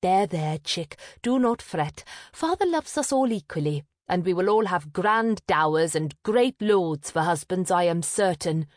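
A woman's voice: lowish voice, expressive, a little slow, few pauses, no echo, clean studio sound. A woman voicing a lofty, demanding young noble sister. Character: legitimate middle sister, lofty young girl.

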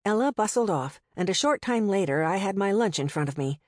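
A woman reading a novel aloud in the first person, in a steady, conversational storytelling manner. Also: mid-range voice, brisk, dry recording, clean studio sound. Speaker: audiobook narrator.

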